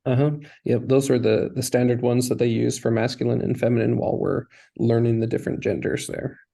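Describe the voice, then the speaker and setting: A man's voice: mid-range voice, level tone, fairly quick, creaky, warm tone, rough recording. A man teaching a Hebrew lesson, explaining patiently step by step. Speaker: language teacher.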